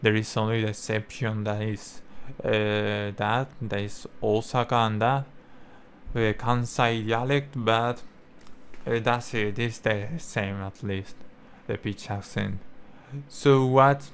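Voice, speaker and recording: A young man whose first language is Spanish, explaining language learning in halting English full of fillers and restarts. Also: fairly low pitch, flat delivery, slight background noise. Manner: halting, many fillers and restarts, non-native phrasing. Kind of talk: casual explanatory talk.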